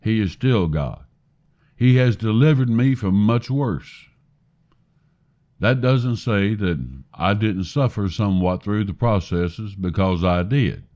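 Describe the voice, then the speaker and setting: A man's voice: on the low side, animated, slow, a little mellow, dull audio. A man giving an earnest recorded sermon, questioning his listeners directly. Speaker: preacher.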